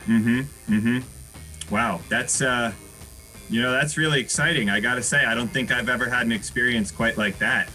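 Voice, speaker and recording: A man with a bright, clear-toned voice improvising as an easygoing tattoo artist. He agrees readily and fills gaps with "yeah" and "you know". Faint music runs underneath. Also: mid-range voice, steady tone, normal speed, rough recording. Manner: friendly, accommodating, filler-heavy. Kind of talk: improv comedy scene.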